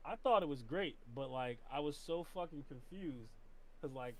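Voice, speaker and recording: A man's voice: a little high, lively intonation, normal speed, no echo. A man co-hosting a casual podcast, talking animatedly and acting out quotes. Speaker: podcast co-host.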